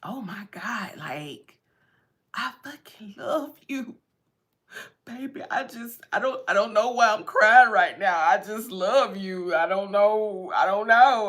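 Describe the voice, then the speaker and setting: A woman's voice: fairly high pitch, animated, slow. A woman voicing an overwhelmed lover, whispering and tearful as she confesses her love.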